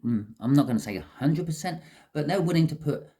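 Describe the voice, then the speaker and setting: Brisk and warm, with a fairly high pitch and lively intonation, a man reads tarot on camera in a casual, chatty way. He explains every card as he goes, dropping "okay" often.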